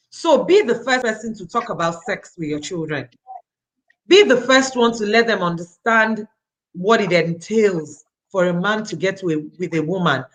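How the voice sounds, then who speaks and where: A woman in her thirties with a Nigerian accent talks as an author at a virtual book event. She speaks earnestly and with animation, her voice bright and forward, sprinkling her talk with Nigerian interjections. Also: fairly high pitch, poor audio.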